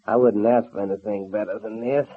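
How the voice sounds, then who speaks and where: A folksy young cowboy hero. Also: male voice, on the low side, fairly even intonation, fairly quick, slightly rough. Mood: teasing. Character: easygoing young male cowboy hero, teasing. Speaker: radio drama actor. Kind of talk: 1930s radio serial acting. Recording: old narrow-band radio transfer.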